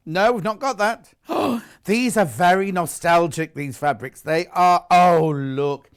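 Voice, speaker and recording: A British man hosting a live shopping channel segment, gushing over each item in a chatty stream. His voice sits fairly high and swings up and down a lot as he exclaims. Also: lively intonation, unhurried, clear, resonant tone. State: out of breath. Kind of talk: live sales presentation. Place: TV studio.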